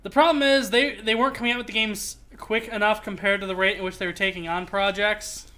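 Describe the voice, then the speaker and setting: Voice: mid-range voice, fairly quick. A streamer chatting casually while playing a game, rambling and joking. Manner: rambling, animated, jokey. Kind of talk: casual gaming stream chat.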